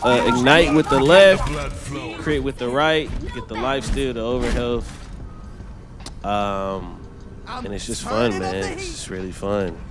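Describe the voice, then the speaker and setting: A man's voice: mid-range voice, unhurried. A young man giving laid-back, chatty commentary over his own gameplay as a gaming channel host. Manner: laid-back, chatty, laughs often, says "man" and "brother". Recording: loud game music underneath.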